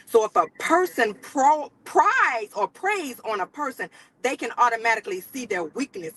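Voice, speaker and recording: A woman's voice: fairly high pitch, animated, normal speed, a bit bright. A woman in her fifties hosting a casual panel discussion, explaining her points firmly and often agreeing with "exactly.". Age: 50s. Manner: emphatic, repeats "exactly", lectures. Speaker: panel host.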